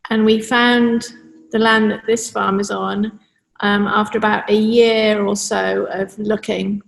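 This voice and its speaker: A middle-aged woman from England, giving an interview in an unhurried way, pausing with fillers. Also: medium pitch, level tone, creaky. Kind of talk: casual interview. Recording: roomy echo.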